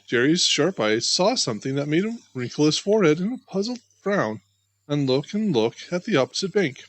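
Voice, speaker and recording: A man reading a classic children's book aloud with expressive storytelling. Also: fairly high pitch. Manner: expressive, animated.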